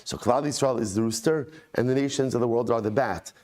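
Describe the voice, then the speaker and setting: A man, a rabbi, teaching a daily Talmud class. He chants the original text, then explains it conversationally, with excited emphasis and repeated phrases. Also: mid-range voice, brisk.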